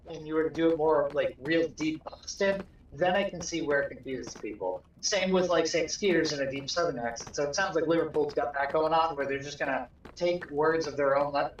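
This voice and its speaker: A man from New England talks in loose, rambling fashion, circling back with fillers and half-finished restarts. His voice sits a touch high for a man. The stream mic sounds dull and lo-fi, with a faint hiss underneath. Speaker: co-host gaming livestreamer. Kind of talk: casual chat.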